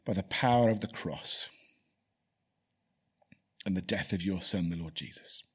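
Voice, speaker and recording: A man's voice: deep voice, measured pace, a bit bright, breathy edge. A man preaching a sermon and leading a prayer, earnestly repeating key phrases for emphasis. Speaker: pastor.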